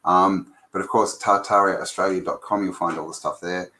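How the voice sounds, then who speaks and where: A man hosting a casual live stream chat, greeting viewers by name in a relaxed, chatty way. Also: low-pitched, normal speed, rough recording. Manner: relaxed and chatty, reads out viewer names, with fillers.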